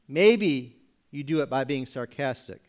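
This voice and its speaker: A man preaching as a pastor, asking pointed rhetorical questions and pausing for effect. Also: mid-range voice, lively intonation. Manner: rhetorical questions with dramatic pauses; acts out congregation voices mockingly. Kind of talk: sermon.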